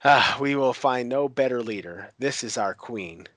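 A man's voice: mid-range voice, lively intonation, a little slow, a bit bright, dry recording. A man voicing an earnest young man who rallies a crowd behind his sister. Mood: rallying.

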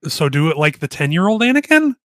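Bright, lively, sarcastic podcast co-host. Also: medium pitch, quick pace, no room sound, clean studio sound. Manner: incredulous, sarcastic, swears freely. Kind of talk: casual movie discussion.

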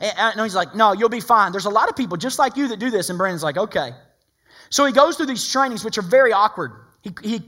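A male pastor in full storytelling mode, his voice bright and ringing. He preaches with big animated swings, climbing to excited shouts and sinking to quiet, intense passages. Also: extremely high pitch. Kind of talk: sermon.

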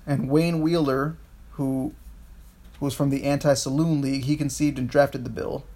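A man's voice: medium pitch, flat delivery, normal speed, dark tone. A man co-hosting a podcast, chatting casually about history, rambling with frequent restarts and swearing. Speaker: podcast co-host.

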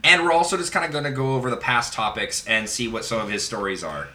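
A podcast host tells crude stories among friends in a casual show, speaking fast and very animatedly in a medium-pitched, sharp voice. He laughs a lot and swears through his anecdotes, and the sound is reverberant.

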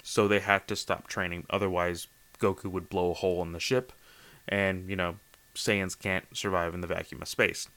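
Tired, rambling man with a low voice. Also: level tone, normal speed, a bit bright, dry recording. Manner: rambling, conversational, many fillers and restarts. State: tired late at night, slightly slurring. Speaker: podcast host. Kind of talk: casual solo manga review.

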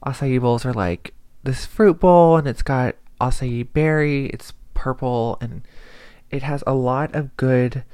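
A man's voice: medium pitch, measured pace, a little mellow, smooth, no room sound. Young man rambling through a chatty podcast. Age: young adult. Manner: rambling, chatty and self-deprecating. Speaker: podcast host. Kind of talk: casual solo podcast chat.

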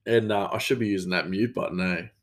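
An Australian chef telling rambling stories in a casual monologue, with many fillers and frequent chuckles, a bit tired. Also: male voice, deep voice, quick pace. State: tired, yawning.

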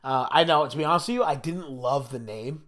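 A man's voice: a little high, a little fast, over a noisy crowd. A young man from New Jersey co-hosting a podcast, chatting casually and rambling with lots of fillers and restarts. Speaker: podcast co-host. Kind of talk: casual chat.

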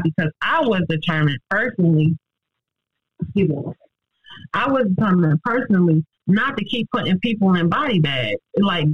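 A woman speaks as an ICU nurse, heartfelt and faith-driven, pressing her points with quick emphasis. The recording is close and very dry, with no room sound. It also has a slightly dull, muffled tone. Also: lowish voice, expressive, husky, dry recording. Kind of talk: personal testimony in an interview.

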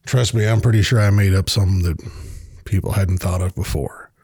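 A man's voice: sits low, steady tone, normal speed, darkish tone, husky, dry recording. A man hosting his own podcast, talking alone in a blunt, profane but earnest and reflective way. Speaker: podcast host. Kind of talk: casual solo monologue.

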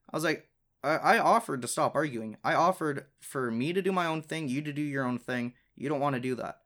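A man's voice: mid-range voice, fairly bright tone. A young man hosting his own podcast, telling a personal story in a casual, profane, exasperated way, with frequent laughs between lines. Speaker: podcast host.

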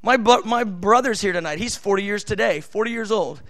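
A man's voice: high voice, a little fast, a bit bright. A man preaching a live sermon, speaking emphatically and talking directly to his listeners. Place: church service with family present.

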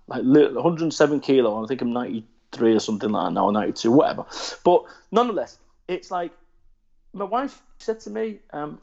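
This podcast guest is a man in his 40s with a medium-pitched voice, captured on lo-fi audio. In casual conversation he's blunt and sweary, animatedly recounting stories from his own life.

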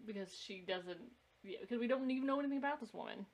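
A woman's voice: on the high side, expressive, quick pace. Blunt, laughing woman podcast co-host. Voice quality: blunt, laughs often, swears freely. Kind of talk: casual chat while watching a movie.

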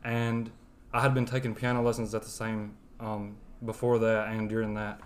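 A man's voice: fairly low pitch, monotone, moderate pace. A young man from West Alabama with a thick Southern accent, earnestly sharing his personal testimony as a podcast guest. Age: young adult. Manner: earnest, rambling with fillers.

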